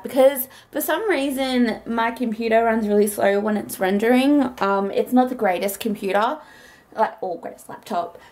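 A woman's voice: medium pitch, a little mellow. A young woman chatting casually through her daily vlog, rambling along with lots of "so yeah" and "um". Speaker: vlogger.

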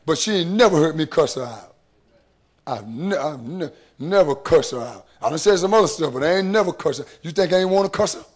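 A middle-aged man, preaching a sermon in a church, moving between hushed asides and rising calls to the congregation. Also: on the high side, expressive, fairly quick, slightly rough. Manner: preaching with call-and-response rhythm, shifting between hushed and rising. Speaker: pastor. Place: church sanctuary.

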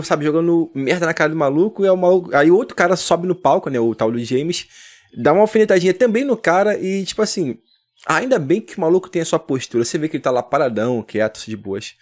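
A Brazilian man reacting to a clip in quick, casual commentary. His voice sits a bit high, and he rattles through slangy, teasing remarks at speed. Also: animated. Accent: Brazilian Portuguese. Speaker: reaction video host.

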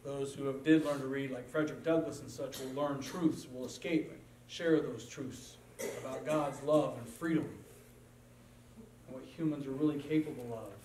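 A man's voice: medium pitch, steady tone, moderate pace, a little mellow, echoey room. Guy preaching from a church stage, mic far off, bit of background hum. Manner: conversational, earnest storytelling. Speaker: pastor. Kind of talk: sermon. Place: church sanctuary.

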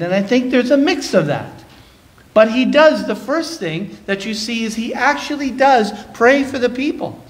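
A man with a Canadian accent preaching a sermon in a church, reading scripture aloud and swinging between loud and soft. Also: very high voice. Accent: Canadian English. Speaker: pastor. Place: church sanctuary.

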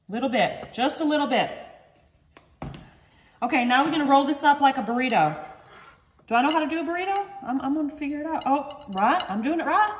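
A woman chatting playfully through a home cooking demonstration, talking to viewers as y'all. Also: high voice. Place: home kitchen. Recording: echoey kitchen with faint noise.

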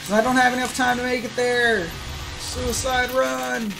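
A woman streaming a racing game live, commenting as she plays, swearing and trash-talking other players and breaking into excited shouts. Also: fairly high pitch, quick pace, noisy background.

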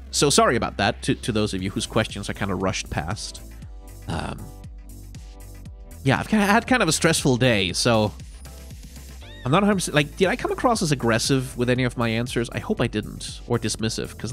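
This man sounds stuffed-up and nasal, his sinuses swollen, as he winds down a casual solo Q&A. He rambles, circles back on his own words and swears offhandedly. Faint music plays quietly behind him. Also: medium pitch, sing-song, moderate pace. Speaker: YouTuber answering viewer questions.

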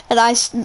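A young woman chatting casually as she streams a game, giggling and swearing freely. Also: slight background noise. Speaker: live streamer. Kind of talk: casual gaming stream chat.

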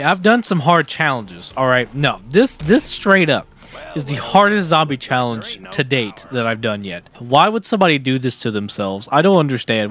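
A young man giving casual, excitable commentary on his own gameplay, laughing often and repeating himself. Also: mid-range voice. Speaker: gaming streamer. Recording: faint background noise.

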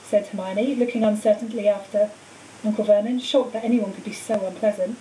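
A woman teacher reading a storybook aloud in a clear, steady way. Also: a little high, fairly quick. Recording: echoey room, far mic, faint hiss.

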